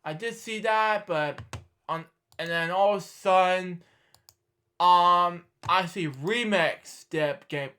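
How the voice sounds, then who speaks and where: Young guy rambling slow, mutters to himself then blurts out loud. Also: high-pitched. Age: 20s. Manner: mutters to himself while searching, sudden loud outbursts. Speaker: reaction video host. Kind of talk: rambling casual commentary.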